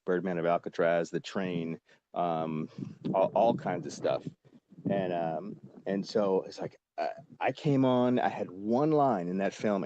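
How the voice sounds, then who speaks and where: Telling a story as a podcast guest, a man in his forties speaks in a lowish, mellow voice, wandering along with frequent fillers and offhand swearing. The recording is dry, slightly dull and lo-fi, with no room sound.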